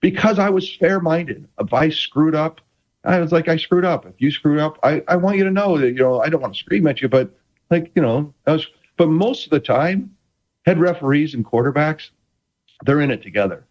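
A man's voice: a little high, expressive, normal speed, lo-fi sound. A middle-aged man, a former quarterback, talking as a guest in an interview with many restarts and a playful manner. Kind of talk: casual interview chat.

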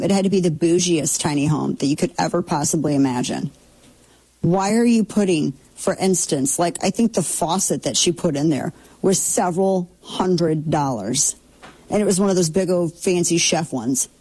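A middle-aged woman hosting a commentary show speaks casually with a sarcastic, opinionated edge, tossing in mocking asides. Her slightly low voice is mellow rather than bright, a little rough, and at normal speed. The recording is low quality.

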